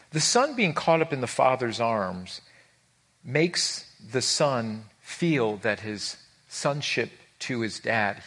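With a medium-pitched, fairly bright voice, a pastor preaches to a live congregation in front of a screen. His delivery is earnest and emphatic, climbing on important words, and he stumbles over repeated words when he's moved.

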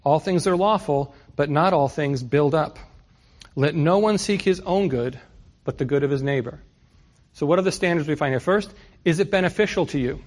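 A middle-aged man from New York City preaching a conversational sermon, often putting rhetorical questions to his listeners. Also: on the high side. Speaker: pastor.

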